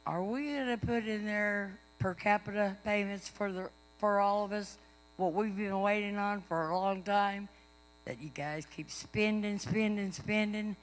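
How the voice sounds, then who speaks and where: A woman's voice: mid-range voice, poor audio. A woman at a public meeting bluntly pressing leaders with pointed questions. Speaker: tribal member asking a question.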